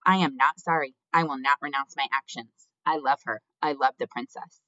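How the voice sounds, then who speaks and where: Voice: medium pitch, steady tone, moderate pace, pushed and bright, no echo, lightly acted. A reader voicing a young male mouse, a defiant lovestruck hero, speaking earnestly and firmly in a storybook reading. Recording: dull lo-fi dry recording.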